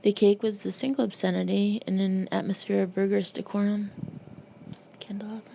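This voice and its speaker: Gravelly woman reading an audiobook. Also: medium pitch, fairly quick. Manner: steady, even reading. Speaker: audiobook narrator. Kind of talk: audiobook narration. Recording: dull lo-fi recording with faint hiss.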